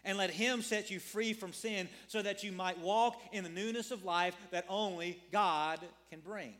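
A man's voice: high voice, fairly even intonation, unhurried, fairly bright tone. A man preaching a sermon as a pastor, earnest, repeating phrases and asking his congregation questions.

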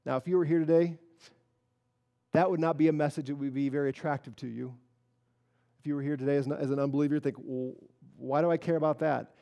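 A man preaching a sermon as pastor, earnest, moving between quiet solemn stretches and emphatic rises. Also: a little high, steady tone, quick pace, pauses often, long reverb tail.

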